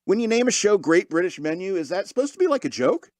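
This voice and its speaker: A man's voice: sits high, very animated, quick pace, a little mellow, no echo. A man hosting a podcast, reading news stories aloud and breaking off into sarcastic, mocking asides. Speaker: podcast host. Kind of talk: comedic news commentary.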